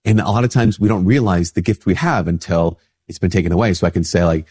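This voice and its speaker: A middle-aged priest hosting a casual spiritual talk, stuffy-nosed from a cold, chatting easily and acting out little dialogues. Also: male voice, quick pace, darkish tone, breathy edge. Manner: conversational, acts out little dialogues with rising pitch. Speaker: priest and show host.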